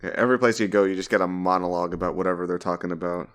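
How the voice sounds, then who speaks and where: Bright-voiced hesitant male co-host. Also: deep voice, steady tone, racing. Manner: hesitant, stammers, wry. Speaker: podcast co-host. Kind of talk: casual comedic chat.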